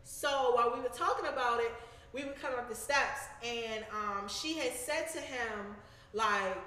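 Blunt high-voiced woman in an echoey room. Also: moderate pace. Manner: blunt, animated, profane. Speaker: show host. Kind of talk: casual storytelling chat.

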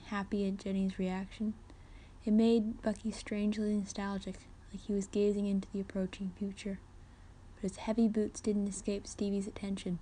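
Brief: woman narrator, steady storyteller reading her own story. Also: medium pitch, moderate pace. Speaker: reader of her own fan fiction.

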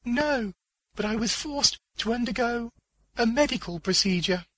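A man voicing a calm, weary young woman in an audiobook story. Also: very high voice, a little slow, no echo, pitched above the performer's own voice, full character voice.

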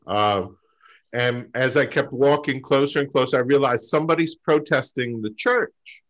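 A man telling a comic true story on stage, halting with fillers before deadpan punchlines. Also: medium pitch. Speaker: open mic storyteller.

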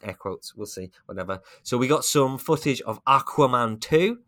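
A man's voice: medium pitch, expressive, normal speed, bright, forceful tone. A man co-hosting a casual podcast, chatting about film news with wry asides and frequent laughter. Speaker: podcast co-host.

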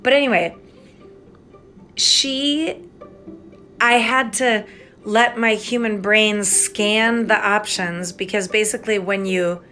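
American woman rambling slow on her podcast, spells stuff out, drifts off, bit of music under it. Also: medium pitch, steady tone, sharp tone. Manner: rambling, spells words out, swears, trails off. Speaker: podcast host. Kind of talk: rambling casual monologue.

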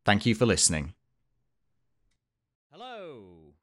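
A young man talks through a film review with a friend, easygoing and peppered with ums and little laughs. His voice sits a bit low. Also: normal speed. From England. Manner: relaxed, laughing, full of filler ums. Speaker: podcast co-host. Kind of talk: casual review chat.

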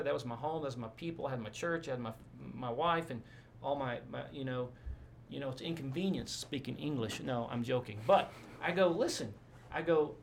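A man, a pastor, telling stories in a casual interview, rambling and animated with many asides. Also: medium pitch, vocal fry, a little hiss or hum.

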